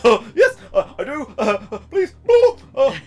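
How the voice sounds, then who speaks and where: A man voicing a timid, octopus-headed adventurer who stammers and squeaks in panic during a tabletop role-play. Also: wildly swooping pitch, measured pace, heavily acted. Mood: panicked. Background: background music.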